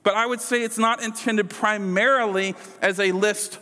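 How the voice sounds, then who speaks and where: Casual preacher with a high voice. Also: male voice, fairly even intonation, normal speed, pushed and bright. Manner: casual, conversational preaching with playful asides. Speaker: pastor. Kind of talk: sermon. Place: church sanctuary. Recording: church hall reverb.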